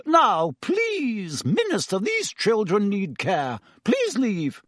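A man putting on a stern, fussy school nurse from a storybook, pitched up high with a voice that leaps and swoops as she insists and fusses, in a dry, close audiobook recording. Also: wildly swooping pitch, slow pace, fairly bright tone, no echo, exaggerated voice. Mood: insistent. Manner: fussy, insistent, easily flustered. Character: brisk stern middle-aged female school nurse.

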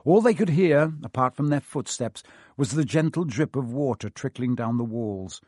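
Husky-voiced man narrating a storybook. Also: medium pitch, normal speed, no room sound, studio quality. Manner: expressive, varied reading. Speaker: audiobook narrator.

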